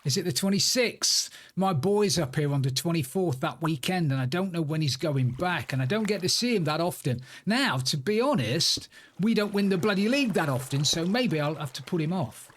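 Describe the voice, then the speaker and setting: A man's voice: a little high, lively intonation, normal speed. A man chatting casually on a live game stream, rambling to himself and greeting viewers by name. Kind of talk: casual live-stream chat while playing.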